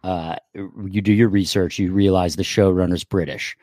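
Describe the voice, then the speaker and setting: A man, an actor, telling jokes and stories in an animated way during an interview. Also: sits low, normal speed, no room sound. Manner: animated, joking storyteller. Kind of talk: casual interview chat.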